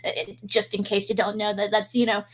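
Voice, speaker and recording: A woman's voice: mid-range voice, little pitch movement, a little fast. A woman playing in a tabletop game, chatty and explaining things with many fillers. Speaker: player. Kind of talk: tabletop role-play chat.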